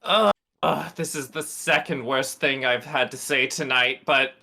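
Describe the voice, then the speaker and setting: A man's voice: medium pitch, steady tone, unhurried, sharp tone. A man playing in a tabletop game, slipping between casual talk and his character's lines. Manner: drawling, slips in and out of character. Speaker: player. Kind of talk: casual role-play talk.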